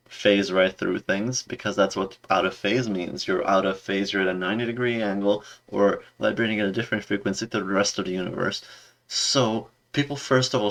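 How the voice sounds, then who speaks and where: A man rambles through a casual review, sarcastic and exasperated at every turn. His voice sits low with a gravelly, creaky edge. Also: fairly bright tone. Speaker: video reviewer.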